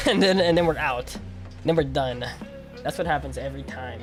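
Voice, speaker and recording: A man's voice: medium pitch, moderate pace, faint music behind. A tired man in his twenties streaming, chatting casually in a rambling, self-mocking way and laughing often. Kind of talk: casual livestream chat while gaming.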